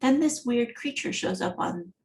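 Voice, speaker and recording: Woman, conference speaker, conversational, animated storyteller, online meetup talk. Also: fairly high pitch, moderate pace. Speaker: accessibility speaker.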